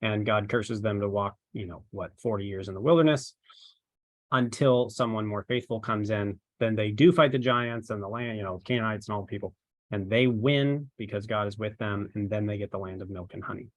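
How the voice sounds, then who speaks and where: A man with a fairly low voice leads an informal training session. He rambles conversationally and keeps asking rhetorical questions. The sound is dry and close, with little room. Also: brisk, no echo. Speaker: ministry marketing trainer.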